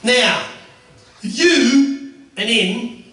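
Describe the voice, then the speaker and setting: Man doing a pushy helicopter pilot, high voice, teasing, echoey far-off hall. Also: lively intonation, drawn-out words, pushed and bright, heavily acted.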